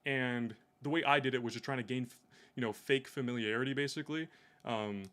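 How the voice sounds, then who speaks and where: A young man talks shop with a coworker at a middling pitch, swearing freely and hammering his points home with blunt examples. His talk is loose and conversational, full of restarts. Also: steady tone, brisk, a bit bright. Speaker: sales rep. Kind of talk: casual chat.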